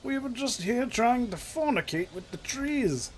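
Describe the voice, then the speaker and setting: A man's voice: very high-pitched, lively intonation, unhurried, a little hiss or hum, pitched above the performer's own voice. A man putting on a prim, indignant male sasquatch with a British accent.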